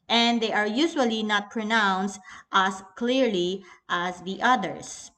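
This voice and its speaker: A woman's voice: mid-range voice, fairly bright tone. A young woman with a Filipino accent teaching an English lesson in a recorded class, patient and instructive, often addressing the class as everyone.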